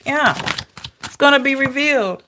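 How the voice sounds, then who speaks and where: Chatty tarot-reading woman, slightly high voice. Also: normal speed, background noise. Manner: chatty and encouraging, laughs often, addresses viewers as y'all. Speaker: tarot reader. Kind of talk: casual tarot reading monologue.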